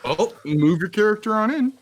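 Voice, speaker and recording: A man's voice: high voice, lively intonation, normal speed, a little hiss or hum. A man running a tabletop game as dungeon master, giving rulings and reading scene text aloud.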